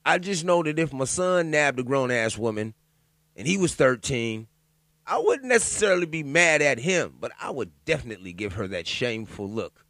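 A man's voice: mid-range voice, dry recording. Guy ranting solo, cussing and joking, voice jumps up and down a lot, dry close sound. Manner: loud, profane, animated riffing with laughs and asides; reads news out loud haltingly. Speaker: commentator. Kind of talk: casual profane commentary monologue.

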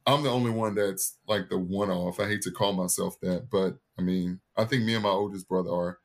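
Low-voiced man telling a personal story. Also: brisk. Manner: earnest, candid storytelling with lively quoted voices. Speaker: podcast guest.

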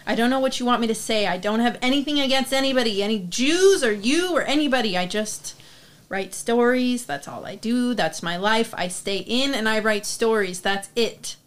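A woman's voice: on the high side, moderate pace, natural voice. A woman playing a nervous young male writer in a stage play reading, pleading and defensive. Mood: exasperated.

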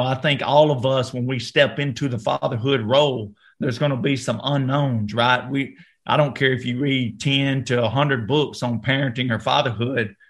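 A man with a Southern American accent, an actor talking as a podcast guest, relaxed and loose, full of fillers and restarts. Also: medium pitch. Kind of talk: interview, casual talk.

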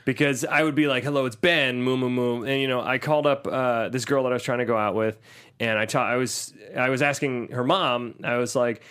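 A man co-hosting a casual chat podcast, animated and jokey, sometimes slipping into silly voices. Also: medium pitch, a little fast, smooth. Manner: animated, puts on silly voices when quoting. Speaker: podcast co-host.

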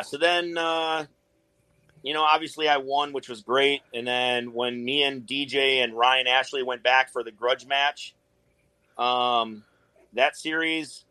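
A man's voice: mid-range voice, fairly even intonation, slow, pushed and bright, clean tone, no room sound, rough recording. A middle-aged man talking casually as a podcast guest, swearing constantly and rambling through his stories in a laid-back way. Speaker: guest, tattoo artist.

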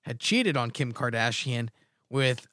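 A middle-aged man hosting a podcast, telling animated stories full of swearing and acting out what others said. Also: mid-range voice, measured pace, dry recording, clean studio sound. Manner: animated storytelling, swearing, acts out quotes. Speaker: podcast host. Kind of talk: casual podcast banter.

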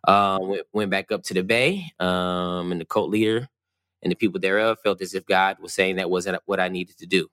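Low-voiced man telling a story casually. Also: fairly even intonation, fairly quick, a bit bright, dry recording, studio quality. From US West Coast. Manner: laid-back, self-deprecating storyteller with filler ums. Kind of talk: casual chat.

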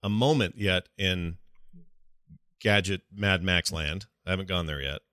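A man's voice: sits low, unhurried, pushed and bright, no room sound, clean studio sound. A man in his thirties co-hosting a podcast, rambling and self-deprecating in casual chat. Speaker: podcast co-host.

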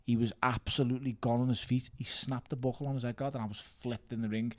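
Give me a lively man telling boxing stories, close and dry. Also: mid-range voice, quick pace, no room sound. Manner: animated, laughing, shouts quoted lines. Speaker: guest boxer. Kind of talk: podcast storytelling.

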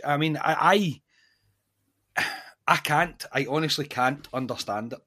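A man's voice: a little high, slow, pauses often, pushed and bright. A Scottish man hosting a podcast, chatting casually and animatedly with frequent restarts and exasperated opinions. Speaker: podcast host.

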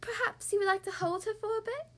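Brief: woman doing a very high, airy, gushing storybook wife. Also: quick pace, fairly bright tone. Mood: doting.

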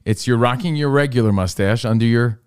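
A man's voice: medium pitch, a little fast, smooth. A man co-hosting a casual radio talk show, wry and joking, sometimes drawing out his words. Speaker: co-host.

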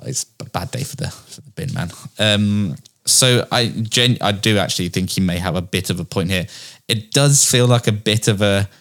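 A man co-hosting a casual podcast chat, dry and quick with short quips. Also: fairly low pitch, fairly bright tone. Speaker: podcast co-host.

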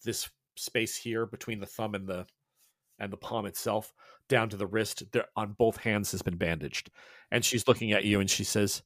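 A man's voice: lowish voice, steady tone, normal speed, a bit bright, no echo, studio quality. Man narrating as game master. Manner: casual, descriptive, with fillers.

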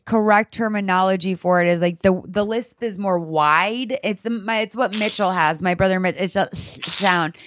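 A woman's voice: mid-range voice, normal speed, few pauses, noisy background. A woman from Massachusetts hosting a radio show, chatting casually in an outspoken, rambling way with many restarts. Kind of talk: casual chat.

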